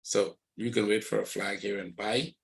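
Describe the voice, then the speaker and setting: Low-voiced man talking through trading charts. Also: level tone, creaky. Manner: rapid, matter-of-fact chart commentary. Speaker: trading instructor. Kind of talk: live webinar chart walkthrough.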